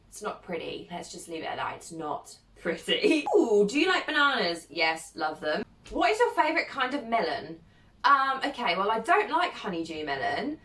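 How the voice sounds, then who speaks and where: A woman's voice: mid-range voice, fairly bright tone, far from the mic. A young woman chats on her own, reading viewer questions aloud and answering them with easy giggles and plenty of ums. Her voice sits in a middle range. The sound is roomy, with the mic set some way off. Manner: chatty and giggly, reads each question aloud then answers with lots of ums. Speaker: content creator. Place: at home, sitting alone.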